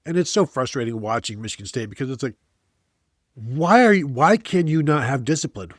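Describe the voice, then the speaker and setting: A man's voice: medium pitch, lively intonation, fairly quick, no room sound, studio quality. Exasperated man in casual sports talk. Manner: exasperated, rambling analysis with fillers. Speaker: podcast co-host.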